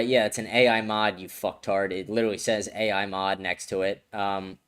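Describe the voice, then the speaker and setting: A man's voice: lowish voice, little pitch movement, normal speed, fairly bright tone, smooth. A man hosting a political commentary livestream, ranting crudely and swearing often while answering his live chat. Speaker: livestream host.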